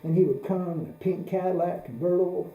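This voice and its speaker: A man giving a religious lecture as a spiritual teacher, speaking in a measured, repetitive, anecdotal way, recorded in an echoey room with a mains hum. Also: high voice, phone-quality sound.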